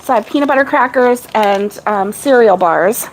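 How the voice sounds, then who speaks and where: A woman's voice: fairly high pitch, normal speed, slight background noise, low-quality recording. A middle-aged woman chatting casually with live viewers about crochet, rambling and laughing often. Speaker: crochet vlogger.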